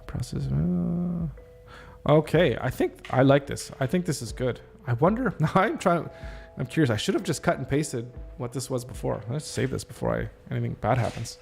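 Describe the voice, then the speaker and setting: A man's voice: medium pitch, expressive, moderate pace, creaky, darkish tone, soft background music. A man hosting a podcast, reading draft lines of a script aloud, stopping often to rethink and reword them. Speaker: podcast host. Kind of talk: casual solo script rehearsal.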